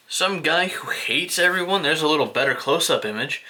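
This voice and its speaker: A man's voice: a little high, lively intonation, moderate pace, pushed and bright. A man from the United States casually talking through his CD collection on camera, rambling and joking at himself with the odd put-on voice. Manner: rambling, self-mocking, with playful put-on voices. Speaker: vlogger showing his CD collection. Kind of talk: casual video commentary.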